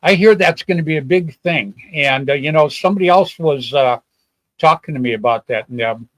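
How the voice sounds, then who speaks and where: A man's voice: on the high side, moderate pace, no room sound, rough recording. Folksy older man host, dry close sound. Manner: rambling, folksy, repeats himself. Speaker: show host. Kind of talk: casual live-stream chat.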